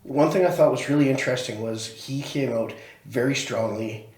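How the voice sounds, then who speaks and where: A man's voice: mid-range voice, normal speed, darkish tone, echoey room, far from the mic. A man co-hosting a podcast in casual chat, hesitant and searching for words. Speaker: podcast co-host.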